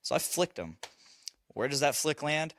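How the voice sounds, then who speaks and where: A man's voice: on the high side, very animated, normal speed, fairly bright tone, a little hiss or hum. A man telling a parenting story on a casual podcast, swearing and laughing as he goes. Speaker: podcast host; father.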